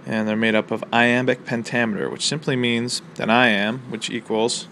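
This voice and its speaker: A man teaching a college English lesson on the sonnet, explaining in a relaxed way with frequent ums and uhs. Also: medium pitch, moderate pace, a little hiss or hum. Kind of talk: recorded lecture on poetry.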